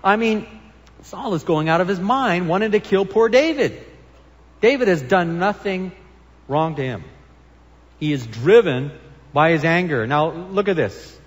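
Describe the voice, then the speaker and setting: A man's voice: sits high, lively intonation, a little slow, long pauses, lo-fi sound. A man preaching a sermon as pastor, earnest and emphatic as he reads and explains scripture. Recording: long hall reverb.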